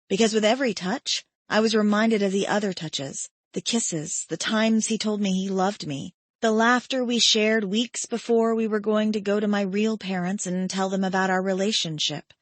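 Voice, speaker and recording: A woman narrating a romance audiobook in the first person, even and conversational. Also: mid-range voice, moderate pace, dry recording.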